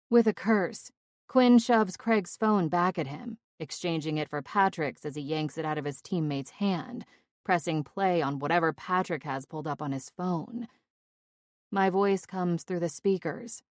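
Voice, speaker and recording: Low-voiced woman narrating an audiobook. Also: dry recording, clean studio sound. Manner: expressive, exasperated. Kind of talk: first-person audiobook narration.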